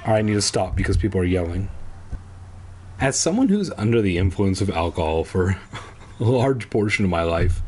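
Husky-voiced guy reading a kids book out loud, wry and crude, super animated delivery. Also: on the low side. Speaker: reader. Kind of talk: reading a children's book aloud with joking asides.

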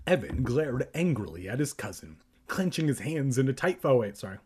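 A man's voice: mid-range voice, sing-song, fairly quick, a little mellow, a little hiss or hum. A man reading a children's book aloud and breaking off for sarcastic, crude asides. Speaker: reader.

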